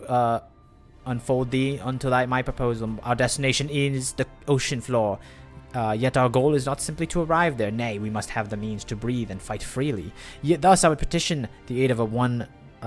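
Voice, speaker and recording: A man's voice: medium pitch, brisk, faint music behind, lightly acted. A man reading as a solemn archaic-speaking ally. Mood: solemn formal. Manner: stilted old-fashioned phrasing, read aloud with stumbles.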